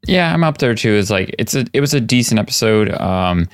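A man hosting a casual podcast chat, playfully recapping scenes and slipping into quick impressions. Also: on the low side, animated, smooth, no echo, studio quality. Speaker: podcast host.

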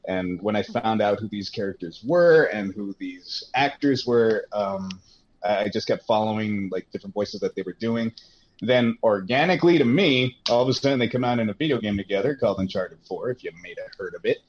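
A man's voice: lowish voice, animated, fairly quick, dull audio, a little hiss or hum. A man guest on a casual podcast, telling his story with enthusiasm, fillers and dry sarcasm. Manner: rambling, enthusiastic, with fillers and self-mocking sarcasm.

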